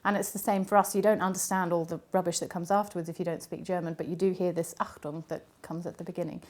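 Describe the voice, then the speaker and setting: A woman linguist answering interview questions, explaining patiently with frequent ums and pauses. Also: fairly low pitch, little pitch movement, a little mellow. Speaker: linguist and university academic.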